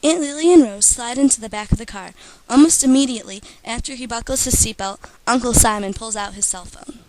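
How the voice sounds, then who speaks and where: Teenage girl, student author, reads own story, steady narration, fairly high voice. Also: fairly quick, poor audio. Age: teens. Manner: steady first-person storytelling. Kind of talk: reading her own story aloud.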